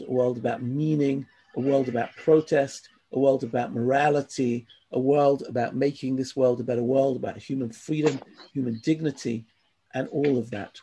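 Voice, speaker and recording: A man's voice: mid-range voice, dark tone, husky. A man teaching a class, reading passages aloud and adding earnest, emphatic asides of his own. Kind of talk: class lecture reading from a text.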